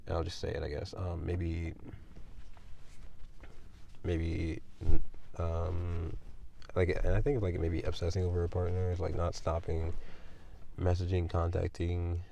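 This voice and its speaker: Low gravelly man rambling through a tarot reading. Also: level tone, a little slow, long pauses, warm tone, slight background noise. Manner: rambling, thinks aloud with many fillers. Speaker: tarot reader.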